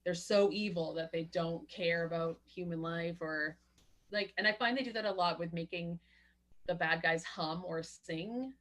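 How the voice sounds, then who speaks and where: A lower-pitched woman talks films on a podcast with friends. She is opinionated and animated, and she slips into quick little voices to act out what characters say. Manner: opinionated, animated, acts out quotes. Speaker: podcast co-host. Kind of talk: casual chat.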